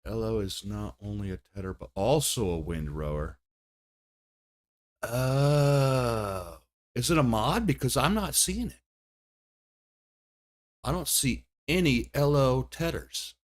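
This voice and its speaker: A man's voice: medium pitch, expressive, normal speed. A man giving casual commentary while streaming a game, chatty and thinking aloud, often laughing at himself. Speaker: livestreamer.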